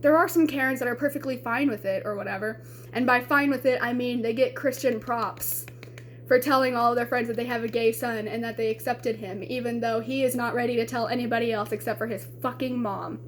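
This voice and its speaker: A woman's voice: a little high, fairly even intonation, fairly quick, a little hiss or hum. A young woman vlogging, ranting with blunt, emotional conviction and frequent swearing. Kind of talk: impassioned rant to camera.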